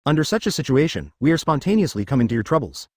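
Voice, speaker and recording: A man's voice: on the high side, big pitch swings, fast talker, no room sound, studio quality. A man narrating a story in a stilted, literal reading style, breaking in with abrupt sound words.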